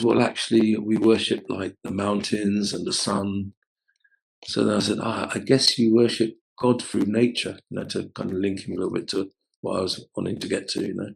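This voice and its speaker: Gravelly-voiced man telling a street story. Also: lowish voice, poor audio. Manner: rambling, full of restarts and "you know". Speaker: Hare Krishna book distributor. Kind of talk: casual storytelling.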